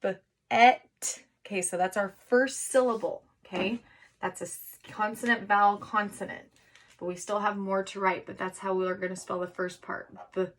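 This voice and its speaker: A woman teaching young children to write, encouraging them and sounding out words slowly syllable by syllable. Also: mid-range voice, fairly even intonation, a bit bright. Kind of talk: remote phonics and writing lesson for young children.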